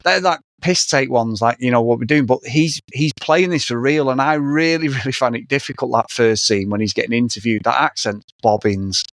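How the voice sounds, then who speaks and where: A man's voice: mid-range voice, a little fast, hardly any pauses, fairly bright tone, no room sound. A man co-hosting a podcast, giving blunt, sweary opinions in casual film chat. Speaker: podcast co-host.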